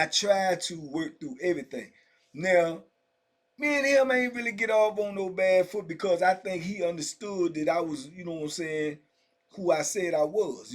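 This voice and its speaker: Slangy middle-aged man telling stories. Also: high voice. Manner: loose, slangy, full of "you know what I'm saying" asides. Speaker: storyteller recounting prison life. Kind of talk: casual first-person storytelling.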